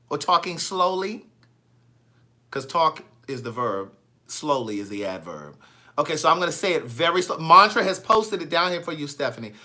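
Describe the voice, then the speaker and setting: Male author host, live-stream chatter, very expressive pitch, chatty with his viewers. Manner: animated, greets viewers by name, spells things out slowly.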